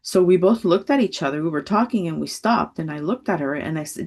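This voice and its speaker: A woman in her sixties telling a personal story on a video call, animated and laughing often as she acts out voices. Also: fairly low pitch, fast talker. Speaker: study group member.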